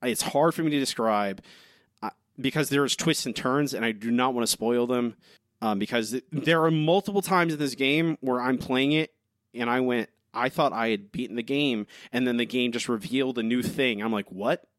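Halting young man in podcast chat. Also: medium pitch, no echo, studio quality. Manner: halting, restarts often, earnest. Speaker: podcast co-host. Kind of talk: casual chat.

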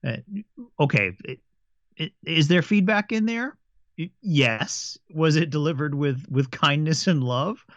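A man's voice: a little high, a little slow, no echo. A man, a game master and podcast co-host, chatting casually and telling stories with frequent restarts and stammers. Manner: stammers and restarts often, animated storytelling. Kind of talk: casual chat. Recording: dry, slightly dull lo-fi sound.

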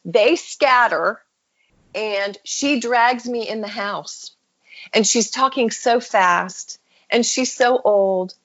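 Speaking a little high and taking her time, this American podcast guest shares a personal story in an interview, animatedly voicing the people she quotes. The recording has its highs cut off.

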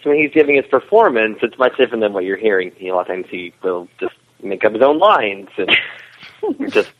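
A man's voice: fairly low pitch, lively intonation, fairly quick, noisy background. A man co-creator of a web series, explaining the production as a podcast guest, with restarts and chuckles. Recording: tinny phone line.

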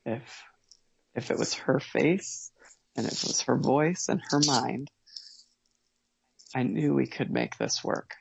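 Earnest man with a gravelly voice. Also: medium pitch, no echo, lo-fi sound. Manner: earnest, measured, with pauses and restarts. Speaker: guest, father. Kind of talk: reflective interview storytelling.

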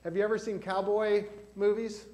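A man's voice: sits high, level tone, normal speed, darkish tone. A man pastor giving a catechism lesson in a church to children and adults, asking them questions as he goes. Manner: asks the children questions as he teaches.

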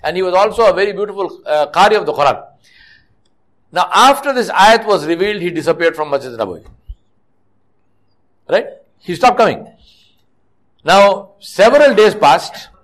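A middle-aged mosque preacher delivers a sermon, telling stories with frequent restarts and scolding listeners through rhetorical questions. His voice sits high and is fairly bright and animated, at normal speed with long pauses.

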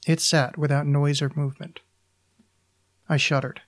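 A man, a podcast host, reading his own short story aloud in a deliberate, deadpan manner. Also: a little high.

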